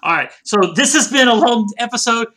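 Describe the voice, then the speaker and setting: Man, podcast co-host, casual chat, bright tone, rambling anecdotes, remote recording. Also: very high voice, lively intonation, fairly quick. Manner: chatty, rambling anecdotes with filler words.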